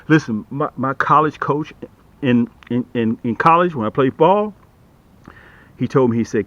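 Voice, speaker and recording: A middle-aged man casually demonstrating and selling fishing hooks to the camera, talking in a repetitive, lively salesman patter and calling viewers "guys". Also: medium pitch, normal speed, no echo, lo-fi sound. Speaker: fishing gear seller and channel host. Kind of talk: casual product demo to camera.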